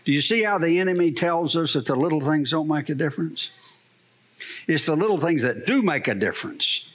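A man's voice: a little high, animated, a little fast, a bit bright. A middle-aged male pastor preaching a sermon, telling a story and asking the congregation rhetorical questions.

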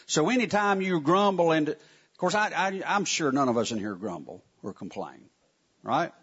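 Animated preacher, husky voice. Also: male voice, fairly high pitch, normal speed. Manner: folksy, animated preaching with asides to the congregation. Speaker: pastor. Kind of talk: sermon. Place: church sanctuary. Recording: muffled lo-fi sound.

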